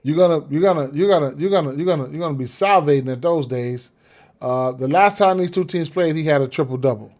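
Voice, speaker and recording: A man with a slightly higher-pitched voice breaks down his betting picks in loose, casual talk. He rambles, repeats himself and keeps checking in with "right?" and "you know what I'm saying?". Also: quick pace, a little mellow. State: has the hiccups. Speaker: sports betting podcaster.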